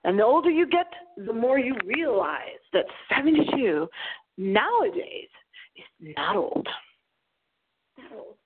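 A woman's voice: a little high, big pitch swings, measured pace, breathy edge. A woman in her forties hosting a paranormal radio show, speaking into a small microphone with a dramatic storytelling delivery. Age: 40s. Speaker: radio host. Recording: tinny phone-like audio.

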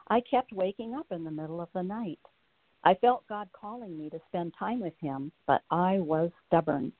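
A heartfelt woman in her late fifties tells her own story as a show guest, her voice sitting a little low. She comes through a thin, tinny phone line with a close, dry sound. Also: no echo. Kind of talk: reading her personal story aloud, then chatting.

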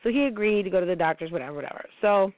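A woman's voice: medium pitch, expressive, racing, dry recording. A woman talks straight through her story with lots of fillers and plenty of cursing. Her voice sits in a middle range. It comes over a thin, phone-like line with no room sound at all. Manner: frank and profane, many fillers. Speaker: host of a personal talk show. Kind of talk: candid storytelling monologue. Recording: tinny phone-like sound, dry.

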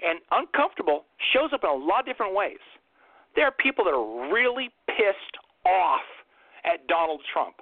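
A man's voice: high voice, big pitch swings, normal speed, dry recording. A man hosting an impassioned political monologue, ranting fiercely and firing off rhetorical questions, over a tinny phone-like line. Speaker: host.

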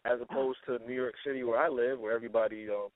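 A man's voice: medium pitch, fairly even intonation, fast talker, no echo. Chatty young man on a tinny line. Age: 20s. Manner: laughing, storytelling, playful teasing. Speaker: co-host. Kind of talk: casual radio call-in chat. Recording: tinny phone-line sound.

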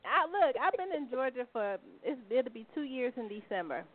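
A woman's voice: high voice, very animated, moderate pace. A woman co-host chatting casually and explaining the show's segment at length. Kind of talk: casual talk show chat. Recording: tinny phone line with faint noise.

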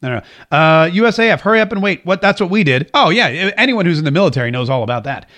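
A man with a notably high voice hosts a casual commentary show from home. He talks in a chatty, rambling way, reading out viewer comments and dropping sarcastic asides. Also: sing-song, fast talker, a bit bright. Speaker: show host.

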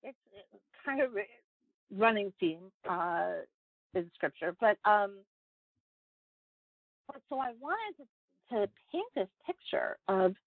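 A woman's voice: medium pitch, big pitch swings, takes it slowly, long pauses, no room sound. A woman pastor and writer, a guest in a casual interview, talking in an earnest, rambling way with many fillers and restarts. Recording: phone-like line, dry.

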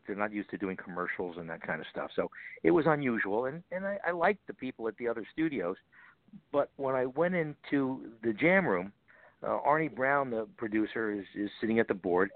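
A man's voice: fairly low pitch, no echo. A man, a voice actor guest, telling stories in a chatty interview and acting out quoted lines. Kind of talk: casual interview chat. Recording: tinny phone line.

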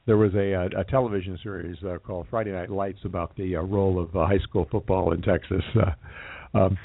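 A man hosting a radio interview, asking questions in halting phrases with many filler sounds. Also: low voice, steady tone, creaky, slight background noise. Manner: halting, many uhs and restarts. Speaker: radio host. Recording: tinny phone-like line.

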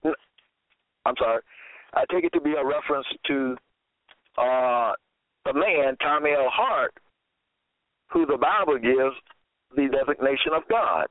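A man preaching a sermon and reading scripture aloud, slow and deliberate, often repeating phrases. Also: medium pitch, expressive, no echo. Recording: tinny phone-line audio.

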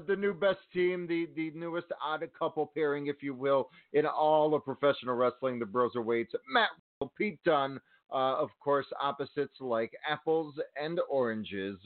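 A man's voice: a little high, a little slow, dry recording. A man co-hosting a sports radio show, talking wrestling in a rambling way with many ums and uhs. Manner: rambling, many fillers and restarts. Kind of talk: casual wrestling talk. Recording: tinny phone-line sound.

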